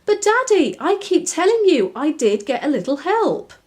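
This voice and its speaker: A woman voicing an eager, curious little girl in a children's storybook reading, in a high, earnest childlike voice. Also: sing-song, normal speed, darkish tone. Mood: insistent.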